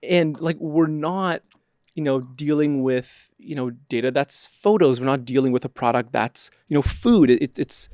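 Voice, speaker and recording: A man, a startup CEO, giving measured, businesslike answers in a podcast interview. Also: medium pitch, a little mellow, dry recording, studio quality. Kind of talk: casual interview chat.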